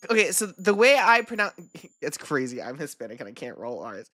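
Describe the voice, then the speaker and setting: A woman's voice: low-pitched, expressive, quick pace, fairly bright tone, no echo, clean studio sound. A woman streamer chatting casually while reacting to videos, swearing a lot, laughing and repeating words over and over.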